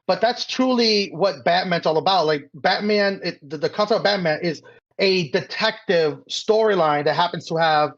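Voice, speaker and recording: A man's voice: high voice, normal speed, fairly bright tone, dull audio. A man co-hosting a podcast, speaking earnestly in casual chat and stumbling over repeated restarts. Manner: stammering restarts, earnest, defends his view. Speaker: podcast co-host.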